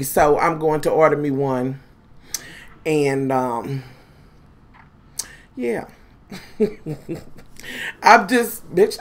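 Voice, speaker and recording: A woman vlogger, talking casually and dramatically to viewers, full of cursing. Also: medium pitch. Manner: profane, dramatic, animated storytelling.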